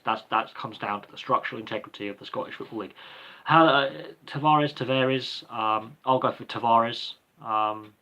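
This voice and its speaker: A man's voice: lowish voice, creaky, bright, forceful tone, lo-fi sound. A man hosting a livestream Q&A, answering viewer questions off the cuff in a rambling, hesitant way with many ums and restarts. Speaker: livestream Q&A host.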